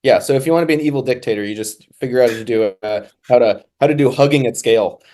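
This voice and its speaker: An easygoing man hosting a podcast interview. His voice sits in an ordinary middle pitch, and his speech is relaxed and agreeable, with thoughts that often trail off. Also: fast talker. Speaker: podcast host. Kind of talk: casual conversation.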